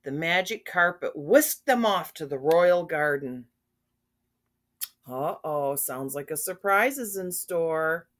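An older woman reading a children's book aloud in a gentle, patient way, pausing to ask her listeners what they think. Her voice sits low for a woman, and she takes her time. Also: animated. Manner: gentle, asks the listener questions. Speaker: storybook reader.

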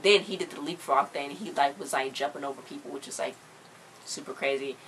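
A woman with a low voice runs through a TV episode in a casual, chatty recap. She fills her sentences with "like" and acts out the scenes as she goes. A faint background hum sits under her voice. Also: a little fast, low-quality recording. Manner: chatty, full of "like" fillers; animated retelling of scenes. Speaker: show recap host.

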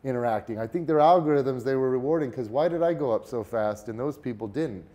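A man who is a fitness entrepreneur, a guest on a podcast interview, telling stories in a lively way and often restarting his words. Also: mid-range voice, fast talker. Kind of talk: casual interview storytelling.

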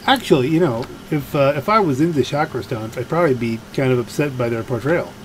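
A man talks through his gameplay in an easy, wandering way, stopping often to think out loud. His pitch sits at an ordinary middle level, with a faint hiss of noise under the voice. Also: lively intonation, brisk. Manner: rambling and musing, full of fillers. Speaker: gameplay commentator. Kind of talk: let's play commentary.

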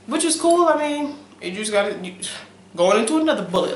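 A young woman talks straight to her camera at home late at night in a casual, preachy vlog. She punches some points loudly and lets others trail off softly, often checking in with "okay?". The room sounds echoey, with a faint hiss underneath. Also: a little high, big pitch swings, fast. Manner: wavers between loud emphasis and soft trailing asides. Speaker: vlogger. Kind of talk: casual talk-to-camera chat.

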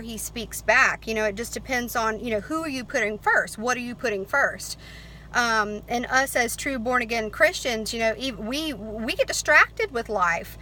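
Bright-voiced woman giving earnest encouragement. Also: fairly high pitch, a little hiss or hum, poor audio. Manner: earnest, encouraging, many fillers and restarts; reads scripture aloud. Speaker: Christian vlogger. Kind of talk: casual devotional talk.

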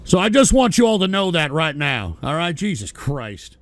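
A man hosting a live radio show, going off on angry, profane, shouting tirades. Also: a little high, big pitch swings, normal speed, no echo. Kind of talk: live call-in radio rant.

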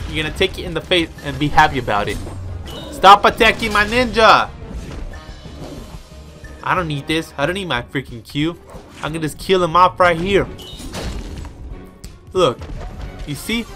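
Excitable young man gaming, bright voice. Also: mid-range voice. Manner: excitable, talks to himself while playing; trash-talks enemies with mild swearing. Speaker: gaming video host. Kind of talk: let's play commentary. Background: faint background music.

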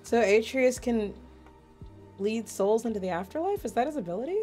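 A woman's voice: fairly high pitch, lively intonation, moderate pace, warm tone, soft background music. A woman VTuber streamer giving live commentary as she plays a game, reacting emotionally and swearing freely.

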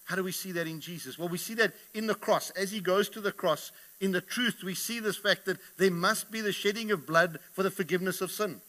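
A man preaching a sermon, speaking with passion and getting louder as he retells the stories. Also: sits high, a little fast, hardly any pauses. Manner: impassioned, rising in volume when retelling stories. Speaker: pastor.

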